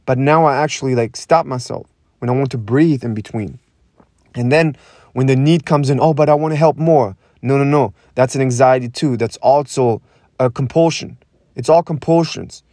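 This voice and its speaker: A young man hosting a podcast, talking in a raw, intense monologue that swears a lot, repeats itself and pauses to breathe. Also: mid-range voice, mellow, dry recording, clean studio sound. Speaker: podcast host.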